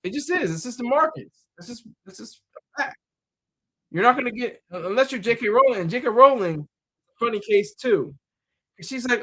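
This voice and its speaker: High-voiced man rambling casually. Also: lively intonation, normal speed, bright, forceful tone, husky. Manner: rambling, repeats words, many fillers and restarts.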